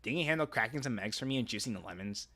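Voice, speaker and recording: Sivri dilli, alaycı genç bir kız, bir erkek yayıncı tarafından okunuyor; parlak ve keskin bir tınıyla, inişli çıkışlı, oyunbaz ve hızlı cevaplar veriyor. Görsel roman sahnesi gibi. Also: male voice, medium pitch, expressive, very fast, sharp tone. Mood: teasing. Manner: snappy, playful teasing. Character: teasing teenage girl, sharp-tongued.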